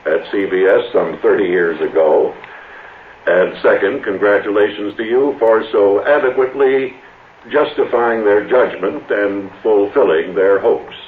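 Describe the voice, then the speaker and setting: A man speaking as an announcer, giving a polished, measured tribute. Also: on the low side, a little hiss or hum. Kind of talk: formal tribute speech. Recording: tinny echoey remote radio line.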